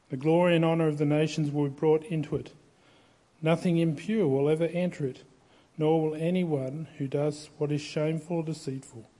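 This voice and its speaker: Man reading scripture in a mellow voice. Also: on the high side. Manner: measured, steady reading aloud. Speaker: pastor. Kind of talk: scripture reading in a church service. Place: church.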